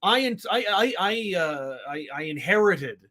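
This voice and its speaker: A man's voice: on the high side, very animated, moderate pace, sharp tone. A man co-hosting a podcast, reviewing comics in a rambling, wry, exasperated way. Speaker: podcast co-host. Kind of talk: casual comic book review chat.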